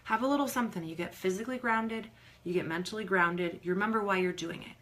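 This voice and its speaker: A woman performance coach talking casually on a live Q&A, giving advice and acting out nervous athletes in quick quoted voices. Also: mid-range voice. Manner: animated, acts out quoted athletes.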